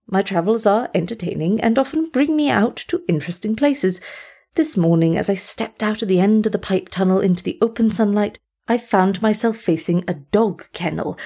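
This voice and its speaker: A woman narrating a storybook in a measured, formal first-person reading. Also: medium pitch, darkish tone, slightly rough. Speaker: audiobook reader.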